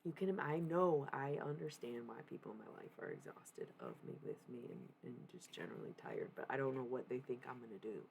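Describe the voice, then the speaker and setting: A woman with a strikingly deep, low voice chats casually with her stream viewers. She talks candidly and rambles, with plenty of swearing, and a faint hum sits under her voice. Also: sing-song, brisk, creaky, hardly any pauses, a little mellow. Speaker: livestreamer.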